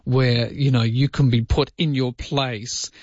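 An Australian man hosting a radio talk show, chatting casually and telling lively stories. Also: medium pitch, unhurried, no echo, highs cut off. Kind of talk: casual talkback chat.

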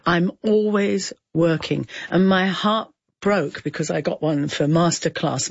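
Older woman, husky, theatrical storyteller, lo-fi radio sound. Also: deep voice, dry recording. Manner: theatrical, laughing, animated storyteller. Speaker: actress guest. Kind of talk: casual radio chat.

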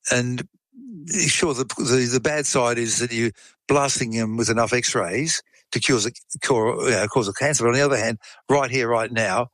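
A man's voice: mid-range voice, moderate pace, fairly bright tone, dry recording, poor audio. A man explaining science in a chatty way, telling a case story and acting out what people said. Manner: explanatory, chatty, acts out quoted speech. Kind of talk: conversational storytelling.

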